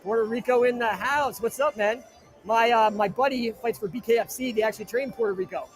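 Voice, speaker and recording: A man from New Jersey hosting a live stream, rattling off viewer shout-outs with brash, crude jokes from inside an arena. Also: very high-pitched, a little fast, faint music behind. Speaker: livestream host. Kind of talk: live-stream chat reading viewer comments.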